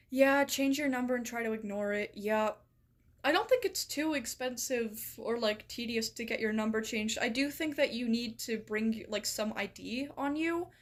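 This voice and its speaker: A woman's voice: fairly high pitch, normal speed. A woman chatting casually as she reads out viewer stories. She rambles with many "like" and "right?" asides and swears freely. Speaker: streamer reading viewer stories. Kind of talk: casual chat.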